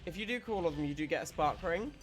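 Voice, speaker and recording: A man's voice: fairly high pitch, expressive, rapid-fire, faint music behind. A man streaming a video game, giving casual commentary as he explains tactics, often restarting his sentences.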